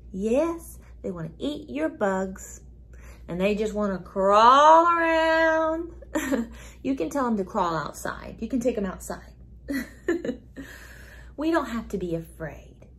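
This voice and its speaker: A preschool music teacher, a woman, talking playfully to young children in a gentle sing-song way, often repeating her words. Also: fairly high pitch, animated, slow pace, pauses often.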